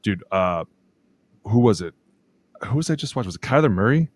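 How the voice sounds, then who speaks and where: A man co-hosting a casual podcast, a former lineman telling animated stories and acting out teammates' shouted calls, swearing freely. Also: brisk, breathy edge. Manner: animated storyteller acting out teammates' calls in loud high voices.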